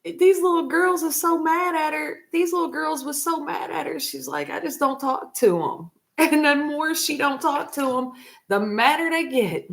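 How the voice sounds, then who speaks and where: A woman's voice: high voice, vocal fry. A woman chatting casually on a vlog, rambling loosely, laughing often and swearing freely. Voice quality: unhurried, trailing talk. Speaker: vlogger.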